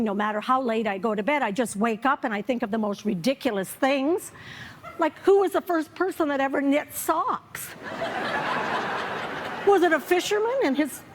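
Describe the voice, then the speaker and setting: An older woman doing a live stand-up set on stage, wry and self-mocking, slipping into quick character asides. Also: fairly high pitch, slight background noise. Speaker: stand-up comedian. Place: comedy festival stage before a live audience.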